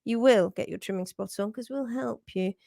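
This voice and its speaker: Speaking at a normal pace with a fairly high pitch and some vocal fry, this middle-aged livestream host reads out viewer comments and greets people warmly. She's chatty, frequently restarting and laughing along the way. The sound is dry and clean, like a studio.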